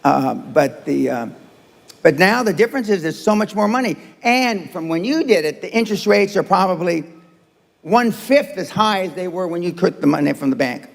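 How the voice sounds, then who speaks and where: A man's voice: high-pitched, expressive, moderate pace, creaky. A man giving a blunt, profane business talk before a live audience, repeating his points for emphasis. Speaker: business speaker. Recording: reverberant hall.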